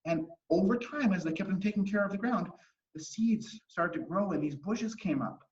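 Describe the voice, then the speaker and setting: Animated upbeat martial arts instructor. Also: male voice, high-pitched, moderate pace, roomy sound. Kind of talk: online kids class and storytelling. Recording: distant lo-fi livestream audio.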